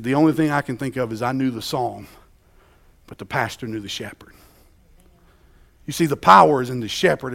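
A man preaching a sermon as a pastor, rising to loud emphatic peaks and dropping to hushed quiet lines. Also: medium pitch, gravelly.

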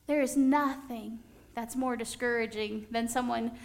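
A woman's voice: a little high, fairly even intonation, measured pace, gravelly. A woman preaching a sermon, telling the story with animation and acting out the people in it.

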